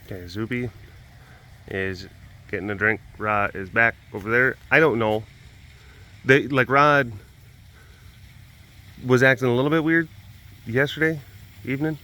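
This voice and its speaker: A male animal keeper vlogger gives a casual tour of a rural animal facility outdoors, playfully rambling and talking to the animals. He has a medium-pitched, sharp-toned voice and a measured pace broken by long pauses.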